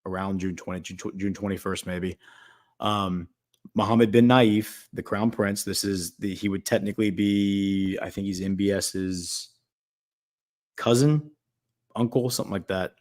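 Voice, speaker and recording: Man, lowish voice, casual rambling storyteller, lots of "like" and "um". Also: fairly even intonation, measured pace, darkish tone. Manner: rambling, filler-heavy, acts out quotes. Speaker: podcast host.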